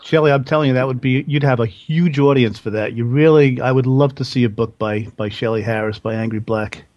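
A man's voice: mid-range voice, a little fast, a little mellow, lo-fi sound. Chatty male podcast host. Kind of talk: podcast interview.

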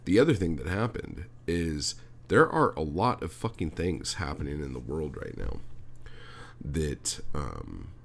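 Profane, fired-up podcast host, very deep voice. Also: male voice, sing-song, a little slow, gravelly. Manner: heated, swears constantly; talks directly to listener, "dude". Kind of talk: profane ranting monologue.

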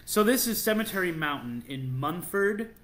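Casting: playful male podcast host, bright tone, storytelling legends casually. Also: high voice, normal speed. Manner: animated storyteller, playful and teasing. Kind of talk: casual chat, telling legends.

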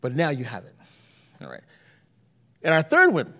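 Man, pastor, sermon in church; high, animated voice, storytelling delivery full of restarts. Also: normal speed, long reverb tail. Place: church sanctuary.

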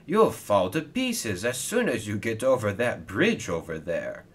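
A man voicing a calm, patient male steam engine in a storybook reading, speaking steadily and reassuringly. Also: fairly low pitch, measured pace, husky, heavily acted.

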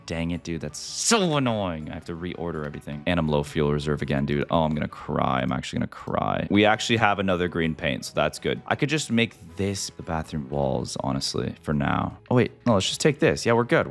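A man with a deep voice narrates a game as he plays, his pitch jumping up and down with every small win or setback. He mutters to himself, talks to the audience and keeps saying "dude". Faint music plays behind him. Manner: excitable, talks to himself and the viewers, says "dude" often. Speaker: gaming video host. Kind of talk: gameplay commentary.

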